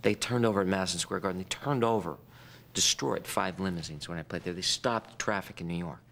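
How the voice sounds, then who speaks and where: A man in an interview, telling his story in an animated way and acting out screaming fans. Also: deep voice, a little fast, creaky, a little hiss or hum. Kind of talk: reflective interview recollection.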